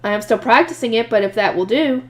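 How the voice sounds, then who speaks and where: A smug, taunting noble schoolgirl, read by a woman. Her courtesy is thin and mocking. She speaks brightly high and at a brisk clip. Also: close to an everyday voice. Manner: polite but taunting. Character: smug noble girl, taunting rival student.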